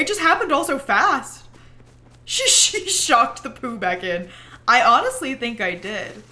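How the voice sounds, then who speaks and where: A young woman livestreaming, chatting casually while she plays a game, rambling and animated with lots of "like" and quick bursts of laughter. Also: a little high. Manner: chatty and rambling, heavy use of "like"; animated storyteller who breaks into laughter. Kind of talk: casual chat while gaming.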